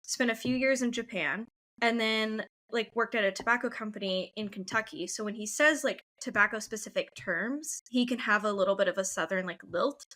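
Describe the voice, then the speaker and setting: Bright-voiced, sweary woman co-host. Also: mid-range voice, brisk. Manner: emphatic, sweary, filler-heavy. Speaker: podcast co-host. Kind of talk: casual chat.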